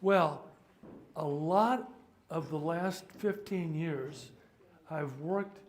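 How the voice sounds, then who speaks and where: Older male clergyman, informal teaching talk, wry asides, voice a touch high. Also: extremely slow. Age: 70s. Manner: chatty, joking, stops to sort out sound. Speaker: priest leading a workshop.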